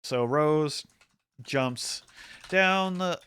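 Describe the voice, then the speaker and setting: A man's voice: a little high, drawn-out words, pushed and bright, smooth. A man streaming casually, rambling with lots of fillers and frequent laughter, hyped up from an energy drink. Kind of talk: casual livestream chat.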